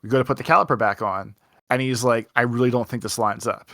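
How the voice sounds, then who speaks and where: A man's voice: mid-range voice, steady tone, fast, fairly bright tone, no echo, studio quality. A young man co-hosting a podcast, telling a rambling anecdote full of "like" and acted-out quotes in a casual chat. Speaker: podcast co-host.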